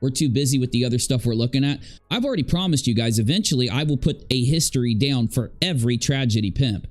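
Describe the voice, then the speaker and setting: A man's voice: medium pitch, lively intonation, quick pace, darkish tone, faint music behind. A man hosting a commentary channel, ranting emphatically and rambling, repeating phrases while he eats and drinks. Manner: talking while eating and drinking.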